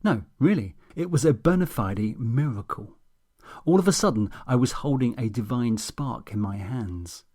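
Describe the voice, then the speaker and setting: A man's voice: mid-range voice, expressive, moderate pace, darkish tone. Sardonic man narrating a comic audiobook. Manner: dry, sardonic, self-mocking.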